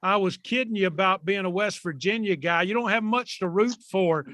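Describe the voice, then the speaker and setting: Fifty-something host guy, high voice, joking around, dry close mic. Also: moderate pace, fairly bright tone, dry recording. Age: 50s. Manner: jovial, joking, folksy, says "y'all". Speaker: podcast host. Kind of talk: casual podcast hosting.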